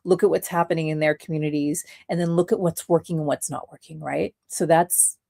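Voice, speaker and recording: A woman hosts a casual livestream talk with a fairly low-pitched voice. She speaks bluntly, laughs easily and acts out the people she quotes. The sound is dry and close. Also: fairly even intonation, brisk, creaky, dark tone, no room sound. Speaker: podcast host.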